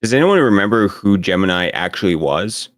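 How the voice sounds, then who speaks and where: A man playing a tabletop game, talking in a hesitant, halting way. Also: deep voice, sing-song, no room sound, studio quality. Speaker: player. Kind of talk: casual tabletop game chat.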